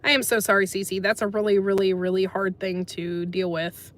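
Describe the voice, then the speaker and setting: An American woman talks casually on a livestream, answering her chat as she goes. Her voice sits at an ordinary middle pitch, and she fills pauses with frequent ums. She sounds easygoing and sympathetic with viewers. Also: little pitch movement. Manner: chatty, says um often, sympathetic. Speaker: livestream host reading chat.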